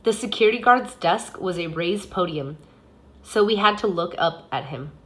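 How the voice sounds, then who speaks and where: A woman teacher reading a novel aloud in a steady, expressive way. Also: lowish voice, moderate pace.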